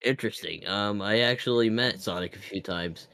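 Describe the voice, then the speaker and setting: A man playing a bartender in an improvised bit on a game stream, pushing his voice lower and drawling. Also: moderate pace, creaky, sharp tone. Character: gruff adult male bartender.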